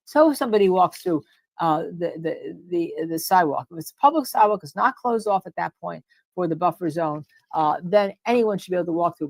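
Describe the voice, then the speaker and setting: A woman with a New Jersey accent hosting a casual livestream, talking in an animated way about a court case, repeating herself and reading chat comments aloud. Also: fairly low pitch, a little fast, gravelly, no echo.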